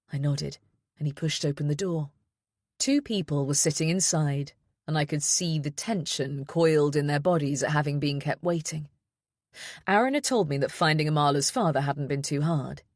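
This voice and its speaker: A woman reading a first-person thriller audiobook in a measured, steady way. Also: sits low, no echo, studio quality. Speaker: audiobook narrator.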